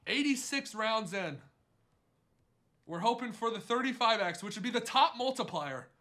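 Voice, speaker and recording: A young man giving excitable live commentary on his own gambling rounds, swinging between mutters and outbursts. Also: very high-pitched, moderate pace. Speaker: gambling streamer.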